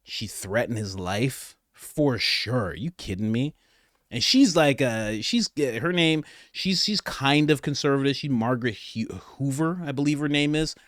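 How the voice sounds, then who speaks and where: A man's voice: medium pitch, measured pace, dry recording, studio quality. A man hosting a podcast, giving comedic political commentary in a sarcastic, mocking rant. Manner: sarcastic, mocking, animated ranting. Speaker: podcast host.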